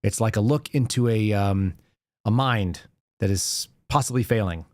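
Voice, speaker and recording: A man's voice: fairly low pitch, moderate pace, no room sound, clean studio sound. A man hosting a live news commentary show, reading headlines aloud and mocking them with sarcastic asides and chuckles. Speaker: show host.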